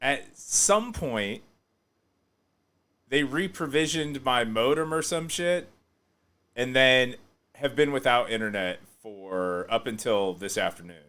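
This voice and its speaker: A man hosting a podcast, chatting casually and joking, often breaking into loud laughter. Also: medium pitch, takes it slowly, clean tone. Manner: animated, joking, laughs loudly. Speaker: podcast host.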